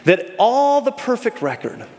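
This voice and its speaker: In a church sanctuary with long hall reverb, a man preaches a sermon as pastor. He is animated, rising loud and high for emphasis, then dropping low and slow, and he asks the congregation to call out answers.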